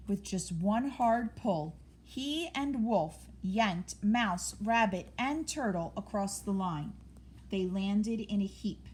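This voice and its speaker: A woman reading a children's story aloud in a gentle, expressive way. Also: mid-range voice, slow, a little hiss or hum.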